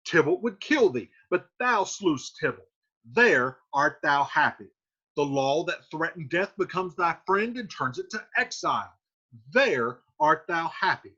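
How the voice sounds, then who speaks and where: A man's voice: fairly high pitch, bright, forceful tone, breathy edge, muffled recording, exaggerated voice. A man voicing a stern, reproachful older friar who scolds a young man in a dramatic play reading.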